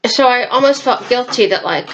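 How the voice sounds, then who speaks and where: A woman's voice: fairly high pitch, normal speed, lo-fi sound, noisy background. A woman from Nebraska rambling through a personal vlog in her small apartment, breaking off now and then to talk to her pets. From Nebraska, United States. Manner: rambling, talks to her pets mid-sentence. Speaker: vlogger.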